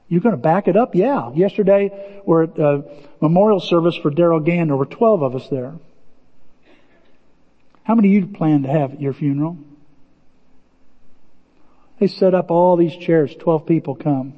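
Animated high-voiced male pastor preaching. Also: moderate pace, pauses often, long reverb tail, lo-fi sound. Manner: animated, acts out quoted voices with big pitch jumps. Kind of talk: sermon.

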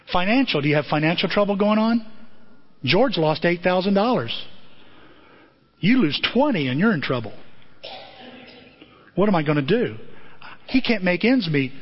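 Male pastor, animated sermon delivery with a lively, high-pitched swing between hushed and excited; dull lo-fi recording. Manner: animated preaching, rising to high excited exclamations and dropping to hushed tones; speaks directly to the congregation with rhetorical questions.

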